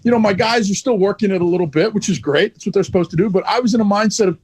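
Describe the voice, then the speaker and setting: A man's voice: sits high, rapid-fire, a little mellow, slightly rough. A man who is a wrestler guest, telling a story in a blunt, profane, heated way in a casual interview.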